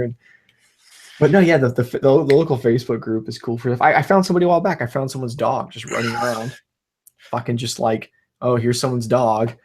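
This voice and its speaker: A man's voice: mid-range voice, breathy edge. A man in his thirties hosting a casual chat, rambling and swearing, laughing through his own stories. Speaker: channel host.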